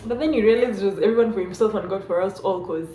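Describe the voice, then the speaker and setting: A young woman with a Kenyan accent telling a high school story in a playful, animated way. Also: fast talker. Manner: animated, playful, switches into Swahili. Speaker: vlogger. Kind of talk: story time. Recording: echoey room with music behind.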